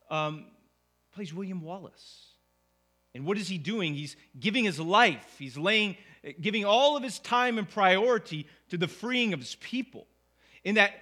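Bright-voiced man preaching a conversational sermon. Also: high-pitched. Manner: conversational, asks the congregation "right?". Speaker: pastor.

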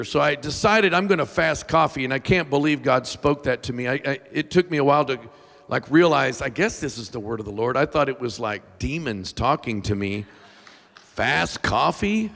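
A man preaching a sermon in a church, telling funny stories about himself in an animated, self-mocking way. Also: fairly high pitch, gravelly. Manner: animated, self-mocking, jumps into loud whiny voices. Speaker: pastor. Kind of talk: sermon with humorous storytelling. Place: church sanctuary. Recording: long reverb in a large hall.

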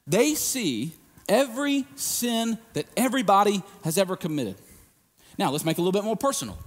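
A man preaching a sermon in a casual, emphatic way, swinging from hushed lines to shouted ones. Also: high voice, breathy edge, in a large hall.

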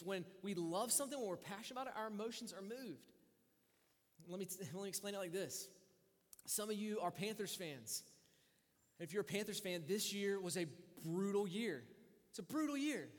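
A man with a high, light voice delivers a sermon to his congregation, his words trailing off in the long reverb of a big church hall. He preaches in an animated, storytelling way, dropping low and quiet, then rising to loud bursts. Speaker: pastor.

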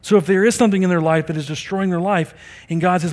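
High-voiced male pastor preaching in a hall. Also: steady tone, fast talker, hardly any pauses, darkish tone. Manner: earnest, conversational preaching with acted-out dialogue. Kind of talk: sermon.

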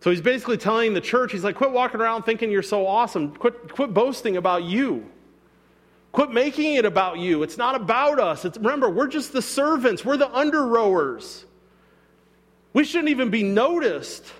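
A man preaching a sermon as pastor, talking casually and acting out quotes, sometimes with sarcasm. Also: high voice. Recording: long reverb of a church hall.

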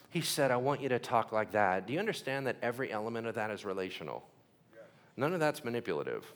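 A man preaching a sermon as a pastor in a church, animated, moving between loud bursts and hushed asides as he acts out prayers. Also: mid-range voice, fast.

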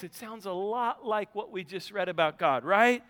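Man, pastor preaching, animated storytelling, smooth clear voice, long hall reverb. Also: high-pitched, moderate pace, hardly any pauses. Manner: animated storytelling, acting out a child's voice. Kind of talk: sermon.

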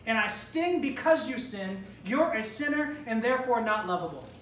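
Death speaks here as a cold accuser, voiced by a woman preaching. The voice sits high and carries through a roomy hall. It is picked up from a distance over faint ambient noise. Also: expressive, moderate pace, fairly bright tone. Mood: accusing.

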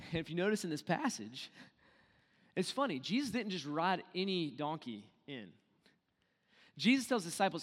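A man preaching in a church, his voice sitting high for a man. He plays out the quoted voices with energy, then drops to a hush. The sound rings with a long hall reverb. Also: brisk. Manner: animated, acts out quoted voices, swings from loud to hushed. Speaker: pastor. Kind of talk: sermon.

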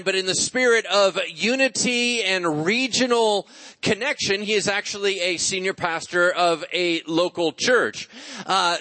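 A man's voice: high-pitched, pushed and bright, low-quality recording. A man hosting a church service, introducing a guest speaker in an upbeat way. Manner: upbeat, fast-talking. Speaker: pastor. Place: large church.

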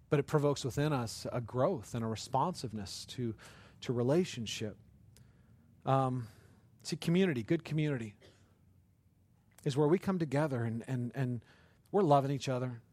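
A man's voice: medium pitch, darkish tone, no echo. A male pastor preaching in a conversational storytelling way, often checking in with the listeners and acting out the voices in his stories. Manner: storytelling, tag questions, acts out voices. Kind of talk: conversational sermon.

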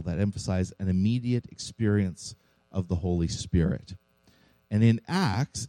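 Casting: male pastor, earnest sermon delivery, low voice, very warm and mellow tone. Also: dry recording, rough recording. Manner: earnest preaching with rhetorical questions.

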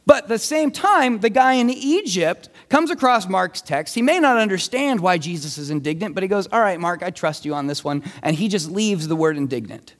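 A young man preaching a sermon, telling the story with animated voices for the people in it. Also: sits high. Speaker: pastor. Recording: long reverb of a large hall.

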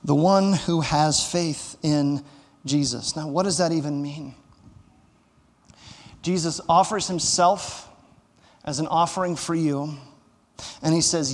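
A man's voice: fairly high pitch, takes it slowly, long pauses, in a large hall. A man, a pastor, preaching a sermon in a conversational way, asking the listeners rhetorical questions and adding light humor.

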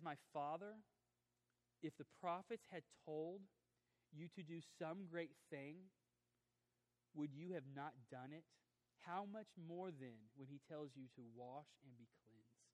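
A male pastor preaching a sermon, swinging between forceful emphasis and quiet, drawn-out lines. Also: a little high. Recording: long hall reverb.

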